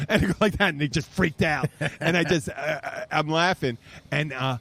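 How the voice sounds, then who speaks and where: A man's voice: a little high, fast, hardly any pauses. A man co-hosting a casual podcast, a profane, rambling storyteller recorded outdoors on a bar stage by the bay. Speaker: podcast co-host.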